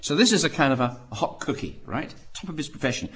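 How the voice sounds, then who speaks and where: A man preaching, telling stories dramatically and asking rhetorical questions, swinging between loud emphasis and quiet asides. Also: fairly high pitch, big pitch swings, fast. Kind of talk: preaching talk.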